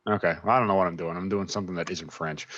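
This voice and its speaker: A man's voice: sits low, steady tone, racing, fairly bright tone, no room sound, muffled recording. A man chatting as a player at a tabletop game, hesitant and restarting his sentences. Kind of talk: casual chat at a game table.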